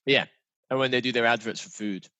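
English guest on a video call from his bedroom, mid-pitched, dry teasing humor. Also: fairly even intonation, fairly quick, bright, forceful tone, no echo, highs cut off. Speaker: podcast guest. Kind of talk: casual chat.

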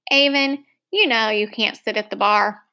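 A woman's voice: on the high side, a little slow, gravelly, sharp tone, full character voice. A woman reading aloud, voicing a young male bartender who is a college student and teases a regular in a dry way. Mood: teasing.

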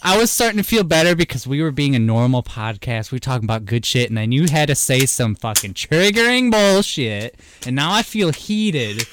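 A man's voice: very animated, fairly quick, hardly any pauses, smooth. A young man co-hosting a casual podcast, ranting and swearing as he works himself up into mock fury. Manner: heated, ranting, swearing, swings loud and high when angry. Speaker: podcast co-host. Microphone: podcast microphone.

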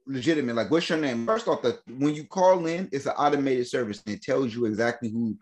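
A male podcast host with a mid-range voice tells a long story at a fairly quick pace over soft background music. In the casual chat he's animated and slangy, laughing often and acting out the voices of the people involved.

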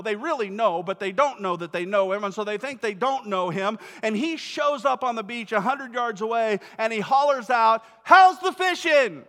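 Animated preacher in a reverberant hall. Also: male voice, high voice. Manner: animated storytelling, acts out quoted voices, repeats words. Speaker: pastor. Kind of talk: sermon.

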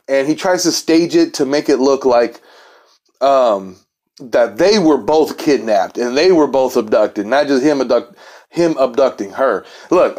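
A man ranting in a loose, profane monologue, his voice mid-pitched for a man. He swears nearly every line and his voice keeps jumping up into loud, incredulous outbursts before settling back into easy storytelling. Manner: crude, excitable, swears constantly, rants with sudden high-pitched outbursts.

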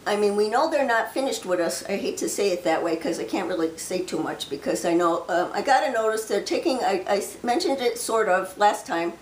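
Woman reading prophecy slowly in a roomy space. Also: mid-range voice, lively intonation, slight background noise. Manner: slow, deliberate reading broken by chatty, hesitant asides. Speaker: ministry host sharing prophecy. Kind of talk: reading scripture and prophecy aloud with casual asides. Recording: roomy echo.

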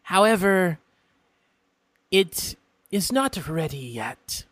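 A man's voice: high voice, big pitch swings, extremely slow, fairly bright tone, no echo, voice pushed up, full character voice. A man voicing a courteous, secretive male imp from the Nine Hells, who speaks in a formal, lilting manner.

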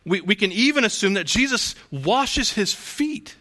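A male pastor gives a sermon in an animated, unhurried way, his bright, forceful voice sitting a little high. He addresses the congregation conversationally, posing rhetorical questions and restarting phrases along the way.

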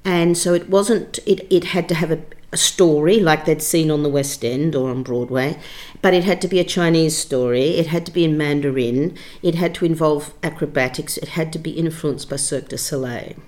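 A middle-aged woman tells a long story as an interview guest. Her voice sits a little low for a woman, and she speaks expressively, leaning on key words and often restarting her sentences. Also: moderate pace, darkish tone. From Australia. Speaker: theatre director and writer, interview guest.

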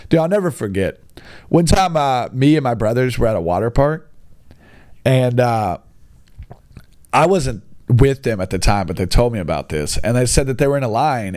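A young man with a medium-pitched, darkish voice tells a rambling comic story as a monologue. He keeps jumping into asides and mocking the people he quotes.

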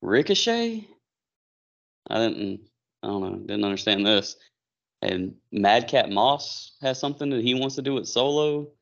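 Gravelly low-voiced man, lively recap. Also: moderate pace. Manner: animated retelling, acting out quotes. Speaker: podcast co-host. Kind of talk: casual recap chat. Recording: dull lo-fi recording.

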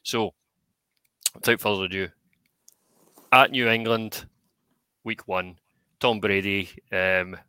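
A Scottish man co-hosting a podcast in a casual chat, measured and wry. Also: lowish voice, fairly even intonation, sharp tone, clear, resonant tone, no room sound. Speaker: podcast co-host.

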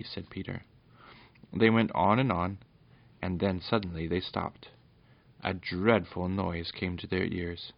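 A man reads a children's storybook aloud in a very low, gravelly voice, now and then tripping over words and correcting himself. The recording is dry and a little dull. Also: steady tone, slow pace, pauses often, dry recording. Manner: unpolished, with frequent stumbles and self-corrections.

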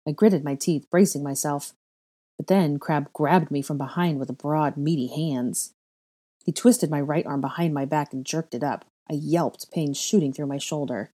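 A woman's voice: deep voice, normal speed, dark tone, breathy edge. A woman expressively reading a story aloud as narrator. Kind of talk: fan fiction reading.

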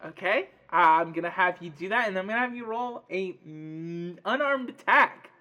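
Guy game master, high bright voice, chatty with lots of uhs. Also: lively intonation, moderate pace. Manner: casual, many fillers, describes scenes. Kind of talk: narrating a tabletop game.

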